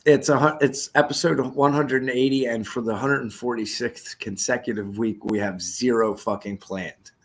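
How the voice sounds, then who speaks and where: A man in his forties co-hosts a casual podcast chat, and his voice sits at an ordinary middle pitch. He rambles through stories, swears freely and laughs at himself as he goes. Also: fairly even intonation, normal speed. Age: 40s. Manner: profane, laughing, rambling storytelling. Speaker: podcast co-host.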